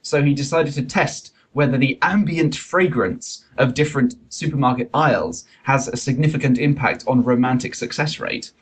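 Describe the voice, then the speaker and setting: A man's voice: medium pitch, normal speed, few pauses, slightly rough, low-quality recording. A man hosting a comic science podcast, wry and pun-loving, reading from a study. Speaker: podcast host.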